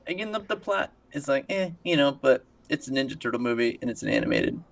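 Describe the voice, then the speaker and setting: Male podcast co-host, gravelly, mid-pitched, loose casual chat with frequent laughs. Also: wildly swooping pitch, quick pace. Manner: laughs often, acts out quoted lines in a higher voice.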